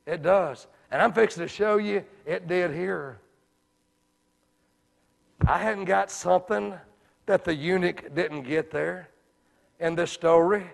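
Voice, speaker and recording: Man, evangelist sermon, high voice, long church-hall reverb, hushed to shouting. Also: slow pace, vocal fry, pauses often. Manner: folksy, swings from hushed asides to shouting. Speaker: evangelist preacher.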